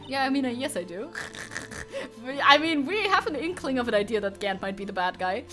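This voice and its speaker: A woman's voice: sits high, very animated, normal speed. Woman streamer thinking aloud over game music. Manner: chatty, thinking aloud with self-corrections and laughs. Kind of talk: casual game-stream commentary.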